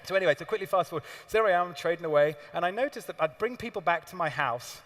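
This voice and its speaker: A man giving a live seminar talk to an audience, telling stories in an animated way with laughs and the odd swear word. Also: sits high, quick pace. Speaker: seminar speaker. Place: large hall with audience. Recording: long hall reverb.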